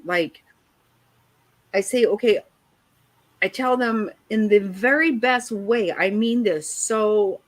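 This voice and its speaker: Older woman co-host, candid and profane, voice swings up and down a lot. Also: mid-range voice. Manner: frank, profane storytelling. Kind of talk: casual chat.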